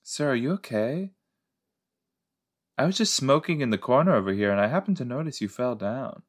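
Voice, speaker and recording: A man's voice: mid-range voice, expressive, moderate pace, close to an everyday voice. A man voicing a timid bystander who nervously pleads with someone not to eat them.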